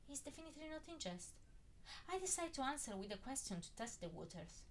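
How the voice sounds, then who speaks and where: A woman's voice: mid-range voice, normal speed, slight background noise. A woman expressively reading a first-person fan fiction story aloud. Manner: expressive, swinging emphasis.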